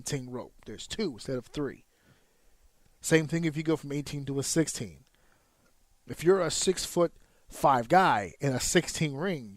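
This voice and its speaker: A man hosts a podcast in a casual, profane monologue, his voice sitting a bit high for a man. He counts out rhythms with clipped sound effects to make a point. The recording is dry, with no room sound. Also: no echo. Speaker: podcast host and wrestler.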